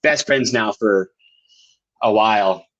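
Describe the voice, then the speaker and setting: A man's voice: lowish voice, slow, a bit bright, dull audio. An American man, a podcast guest, chatting casually and explaining things in detail. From United States. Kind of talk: casual interview chat.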